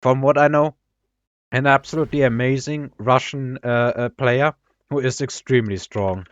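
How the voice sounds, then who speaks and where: With a steady, mid-range voice at normal speed, a man gives casual commentary on his own strategy game match. He eats while talking, rambles, runs himself down, and fills his speech with fillers and restarts; the recording has no echo but the highs are cut off.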